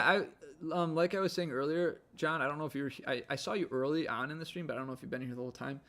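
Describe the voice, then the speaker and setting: A man's voice: medium pitch, creaky. A man with a Midwestern accent hosting a live stream, rambling in an easygoing way and saying "like" a lot. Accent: Midwestern American. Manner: rambling, easygoing, heavy use of "like". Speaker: livestream host. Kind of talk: casual live-stream chat. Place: home indoors.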